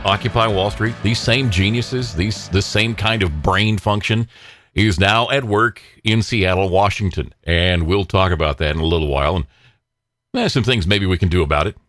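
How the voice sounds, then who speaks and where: Over soft background music, a podcast host with a low, slightly bright voice at normal speed rambles through a casual solo political monologue, full of fillers, restarts, and frequent chuckles.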